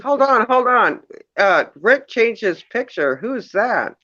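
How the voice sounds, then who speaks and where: A man's voice: very high-pitched, very animated, slow, bright, forceful tone, no room sound, lo-fi sound. A man in casual chat, reacting with incredulous, swearing exclamations.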